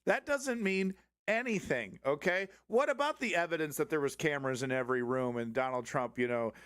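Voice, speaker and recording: A man's voice: on the high side, fairly quick, dry recording, studio quality, lightly acted. A man doing a blustering right-wing blowhard. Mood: mocking. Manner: sarcastic mocking rant, swings to shouts. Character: blustering right-wing male TV fan, mock persona.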